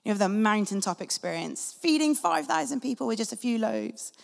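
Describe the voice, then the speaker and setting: Female preacher, conversational and earnest, slight vocal fry, in a reverberant church hall. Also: a little high, sing-song, fairly quick. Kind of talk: sermon. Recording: long reverb of a large hall.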